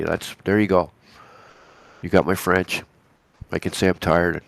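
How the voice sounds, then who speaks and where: A man with a very low, gravelly voice, roughened by a head cold, talking live. He rambles casually through market commentary, often stopping and restarting his sentences. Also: little pitch movement, unhurried. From Canada. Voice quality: raspy. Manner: rambling, chatty, with frequent restarts and asides. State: hoarse from a cold. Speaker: co-host of a live futures trading stream.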